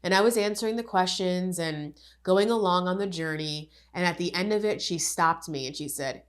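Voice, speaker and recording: Candid woman coach with a lowish voice. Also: moderate pace, hardly any pauses. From Connecticut, USA. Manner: candid, earnest, acts out quoted dialogue. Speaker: life coach. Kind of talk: podcast monologue, personal storytelling.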